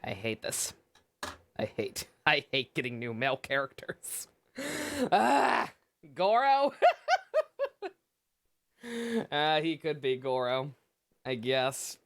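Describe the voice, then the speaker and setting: A woman's voice: very deep voice, very animated, takes it slowly, pauses often, a bit bright. A young woman streaming a game, chatting casually, swearing and laughing often. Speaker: let's play streamer. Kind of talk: game commentary.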